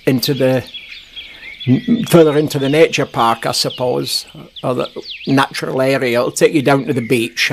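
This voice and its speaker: A Scottish man narrating a walking tour outdoors on a nature walk, chatty and jokey, laughing at his own asides. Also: medium pitch. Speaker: vlogger. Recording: faint outdoor noise with birdsong. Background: birdsong.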